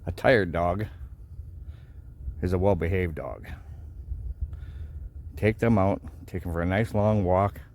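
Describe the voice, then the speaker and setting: A man's voice: sits low, slow pace, long pauses, darkish tone, a little hiss or hum. A man explaining dog training in a casual, folksy way, often checking in with "right?". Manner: folksy, repeats himself, asks "right?". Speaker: dog owner teaching training. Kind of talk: casual instructional vlog.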